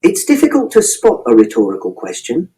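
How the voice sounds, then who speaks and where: A man's voice: mid-range voice, wildly swooping pitch, brisk, dark tone, low-quality recording. A man reading a first-person audiobook in a precise, literal, matter-of-fact way. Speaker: audiobook narrator.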